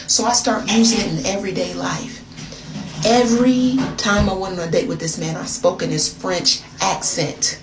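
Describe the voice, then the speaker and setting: A woman's voice: mid-range voice, normal speed. American woman, chatty storyteller; echoey, distant, noisy phone recording. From United States. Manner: chatty, animated, addresses listener as girl. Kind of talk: storytime confession video.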